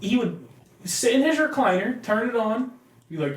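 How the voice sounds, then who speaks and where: A man's voice: sits high, sing-song, normal speed. A young man co-hosting a casual podcast, telling rambling, profanity-laced stories. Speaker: podcast co-host. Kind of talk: casual chat. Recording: echoey room.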